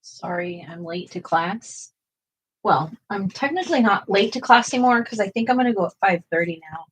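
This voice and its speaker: A woman's voice: mid-range voice, expressive, normal speed, slightly rough, dry recording. A woman hosting a coloring livestream, chatting casually and talking to her viewers in the chat as she colors. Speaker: livestream host.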